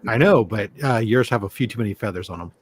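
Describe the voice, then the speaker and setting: A man's voice: fairly low pitch, fast, breathy edge. A man chatting casually on an online panel, making dry jokes. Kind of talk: casual online hangout chat.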